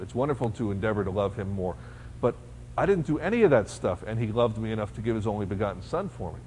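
A man's voice: lowish voice, a little mellow. A man preaching a conversational sermon, asking rhetorical questions and voicing his listeners' imagined objections. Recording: faint hum, long reverb.

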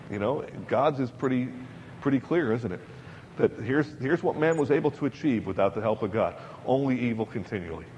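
A man's voice: mid-range voice, darkish tone, a little hiss or hum. A man preaching a sermon to a congregation in a chatty, emphatic way, repeating words for stress. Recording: dull lo-fi recording in a large hall.

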